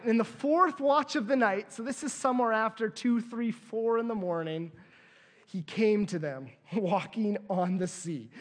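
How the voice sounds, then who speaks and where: Playful man preaching a sermon. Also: sits high. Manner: lively, playful, lets out small laughs. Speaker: pastor. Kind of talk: sermon with volunteers.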